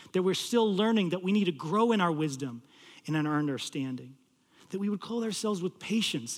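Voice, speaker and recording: Guy pastor preaching, kinda high voice, big echo off the church hall, goes loud then quiet. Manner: storytelling, swinging from loud pleading to hushed low tones. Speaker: campus pastor. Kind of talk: sermon.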